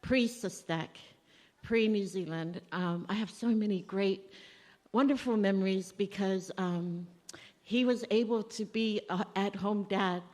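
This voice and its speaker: A woman's voice: mid-range voice, measured pace, a little mellow. A woman speaks at a family funeral in a church, her voice trailing off into a long hall reverb. She talks in a mid-range voice and tells stories about her father in a loose, conversational way, acting out the remembered dialogue. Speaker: daughter giving a eulogy. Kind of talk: eulogy at a family funeral service.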